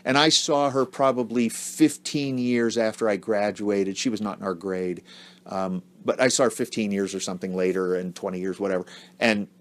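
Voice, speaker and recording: A man co-hosting a casual podcast, telling a story in a halting, earnest way and repeating words as he goes. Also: fairly low pitch, steady tone. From Ohio, US. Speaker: podcast co-host.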